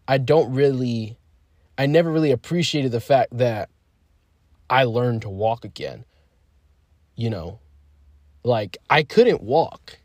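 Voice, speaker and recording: A man's voice: medium pitch, dry recording. Twenty-something guy rambling thru his life story, swears a lot, dry close sound. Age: 20s. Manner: rambling and candid, swears freely, swings from quiet to emphatic. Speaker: podcast host. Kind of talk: casual personal storytelling.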